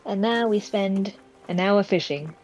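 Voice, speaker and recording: A woman's voice: mid-range voice, measured pace, darkish tone, rough recording. A woman joking around with a streamer in casual chat. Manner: joking, teasing.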